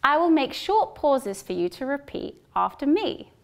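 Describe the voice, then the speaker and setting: Slow, lively-voiced woman teaching pronunciation. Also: high-pitched. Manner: slow, careful, clearly articulated, modeling example sentences. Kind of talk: scripted instructional narration.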